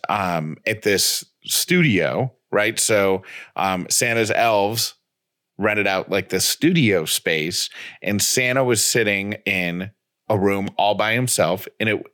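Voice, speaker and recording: A man with a fairly low voice co-hosts a casual podcast chat. He tells his stories in a loose, rambling way, stopping to restart his sentences. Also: fairly bright tone. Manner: rambling storyteller, frequent fillers and restarts. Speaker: podcast co-host.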